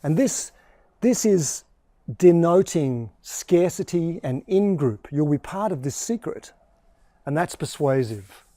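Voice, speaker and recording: A man's voice: a little high, lively intonation, slow pace, mellow, no room sound. A man, a sales trainer, explaining a training course and demonstrating different tones of voice as he talks.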